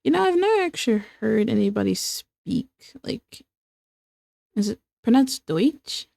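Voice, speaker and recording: A woman's voice: fairly high pitch, big pitch swings, unhurried, creaky, a little mellow, no echo, studio quality. A young American woman chatting casually with her stream while drawing, rambling and repeating herself with self-mocking asides. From United States.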